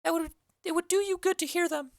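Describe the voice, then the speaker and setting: A fussy old nurse, read by a woman in an amateur play reading. She sits very high in pitch, grumbling about aching bones and bossing people around with a teasing edge. The sound is dry and close. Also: fairly even intonation, fast talker, creaky, dry recording.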